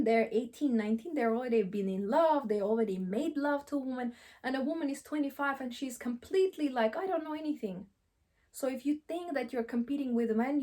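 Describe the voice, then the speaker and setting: A woman's voice: sits high, warm tone. A woman relationship coach giving direct advice to camera, emphatic, repeating key phrases and asking rhetorical questions. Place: seated on camera.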